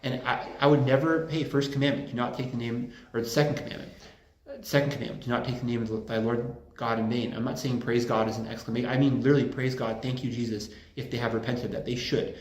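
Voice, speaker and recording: A man's voice: medium pitch, fairly even intonation, quick pace. A man giving a casual lecture to a small group, joking and rambling through anecdotes. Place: room at a campus Catholic center. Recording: roomy echo.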